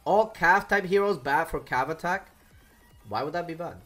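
Brief: male game streamer, casual and lively, swings his pitch a lot, faint music underneath. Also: moderate pace. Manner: animated, talks to chat and coos to his cat. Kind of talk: casual live-stream chat.

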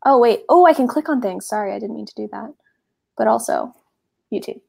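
A woman's voice: on the high side, a little fast, creaky, darkish tone, slightly rough. A woman in her twenties from Texas with a Texan accent, hosting a book club livestream over a video call in a chatty, rambling, self-deprecating way. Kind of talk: casual livestream chat.

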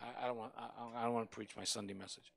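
A man's voice: medium pitch, steady tone, very fast, vocal fry, a bit bright, slightly rough. A male pastor preaching a Bible study in a fervent, emphatic way, repeating phrases for stress.

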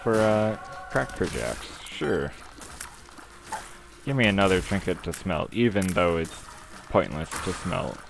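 A man's voice: low voice, expressive, unhurried, vocal fry, long pauses, music in the background. A young man giving casual, rambling commentary while playing a game, with lots of fillers and swearing. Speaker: gaming commentator. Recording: noisy home recording.

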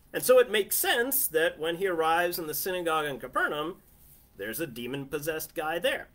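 Man, preacher, home sermon, living room, conversational, slightly high voice, animated, unhurried. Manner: conversational, asks listeners "right?".

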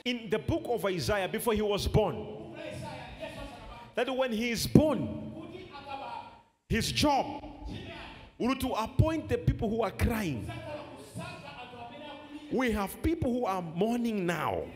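A man preaching a sermon in a church, shouting and repeating phrases with drawn-out emphasis. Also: high-pitched, sing-song, long reverb tail, faint music behind.

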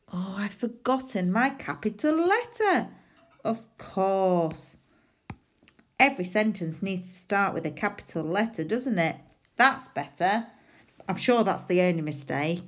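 A woman teaching a phonics lesson to small children, her pitch bouncing high and low as she sounds out each letter. She speaks slowly and deliberately and pretends to make mistakes so the children can correct her. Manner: sounds out letters, makes playful mistakes on purpose. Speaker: primary school teacher.

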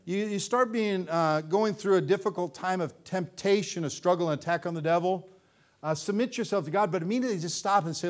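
A man's voice: high-pitched, brisk. A pastor preaching a sermon with fervor, repeating phrases for emphasis before his congregation. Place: church sanctuary.

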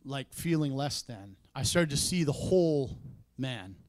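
A man preaching a sermon in a church, conversational in tone, with sudden loud emphatic peaks. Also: medium pitch, lively intonation, measured pace, dry recording. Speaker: pastor.

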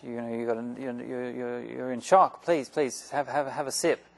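Brief: man as a sly, coaxing rabbi, soft-spoken persuasion. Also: medium pitch, steady tone, normal speed, creaky, close to an everyday voice, rough recording. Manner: soothing, insistent coaxing. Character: sly, coaxing male rabbi, middle-aged.

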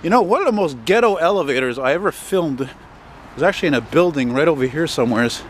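A man with a gruff voice, walking and talking in a blunt, profane, rambling way as he films a casual vlog. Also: fairly high pitch, lively intonation, fast talker. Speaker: vlogger. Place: city street outdoors. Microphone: handheld camera. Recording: outdoor traffic noise. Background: street traffic.

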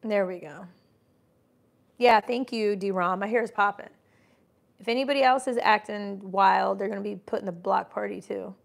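A woman in her forties with a medium-pitched, creaky voice keeps a steady tone and moderate pace as she hosts a casual stream. The business coach reads chat messages out loud, gives emphatic motivational speeches, and does mocking voices of her critics.

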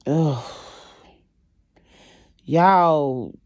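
A woman vlogger venting to her viewers, emotional and swinging between quiet and loud, constantly addressing them directly. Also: sits low, extremely slow, no echo, lo-fi sound. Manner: emotional, repeats "y'all" constantly. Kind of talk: venting to camera.

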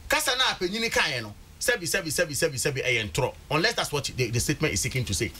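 Ghanaian male pundit, higher voice, lively swings, hammers his points with repetition. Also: fast, slight background noise. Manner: emphatic, repeats words for stress. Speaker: political commentator. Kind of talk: studio panel discussion.

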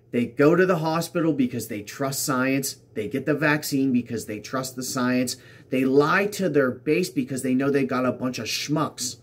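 A man hosting a political commentary show, reading out tweets and mocking them sarcastically, repeating lines for emphasis. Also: mid-range voice.

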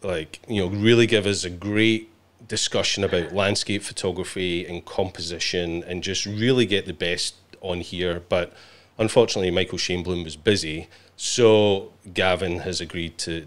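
A man's voice: low voice, steady tone, moderate pace. A man hosting a live stream, chatting playfully with his guest and greeting viewers. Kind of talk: bantering live stream chat.

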